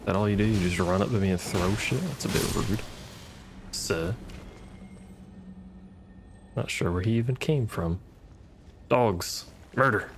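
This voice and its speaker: A man's voice: on the low side, a little slow, long pauses, noisy background. A man giving casual, wry commentary as he plays a game, muttering and swearing at enemies. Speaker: gaming streamer.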